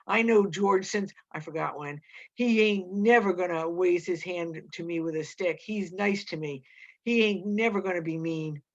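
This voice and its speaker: A woman's voice: medium pitch, fairly even intonation, moderate pace, natural voice. A woman voicing a simple-minded, childlike big man who pleads and protests in a storybook reading. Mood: pleading. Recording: dull lo-fi recording.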